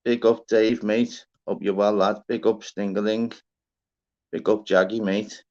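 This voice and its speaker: A man hosting a live stream, chatting casually, shouting out viewers and swearing freely. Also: fairly low pitch, little pitch movement, unhurried. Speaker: livestream host. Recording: dull lo-fi stream audio.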